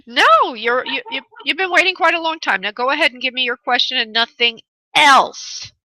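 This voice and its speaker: Bright, higher woman radio host, chatty medium, dry sound. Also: sing-song, a little slow, no room sound, low-quality recording. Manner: chatty, affectionate, laughs often. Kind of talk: call-in radio readings.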